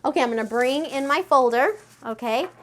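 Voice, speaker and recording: A woman's voice: high-pitched, a little fast. Gushing woman giving a craft tutorial. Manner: gushing, excitable; chatty, friendly instructions.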